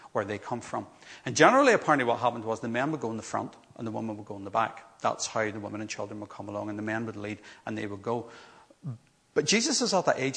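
A man's voice: mid-range voice, a bit bright. A middle-aged man preaching a sermon, telling the story with earnest, emphatic repetition.

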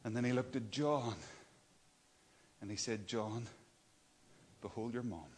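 A man preaching a sermon, dropping to hushed whispers and rising to loud, emphatic cries. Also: mid-range voice, unhurried, a little hiss or hum.

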